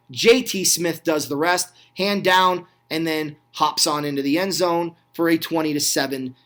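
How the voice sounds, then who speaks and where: A man giving casual play-by-play voice-over on old football clips. He talks in an excited, chatty way, asks the viewer questions, and makes small slips and corrections. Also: high voice. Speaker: host of a retro football review channel.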